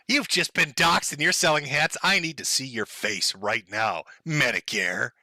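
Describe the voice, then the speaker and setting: A man's voice: medium pitch, measured pace, bright, forceful tone, dry recording, studio quality. A man hosting a live stream, giving sarcastic, mocking commentary and laughing often.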